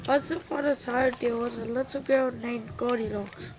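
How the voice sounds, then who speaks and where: A woman reading a storybook aloud slowly and carefully, with small restarts. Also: a little high, fairly even intonation, noisy background.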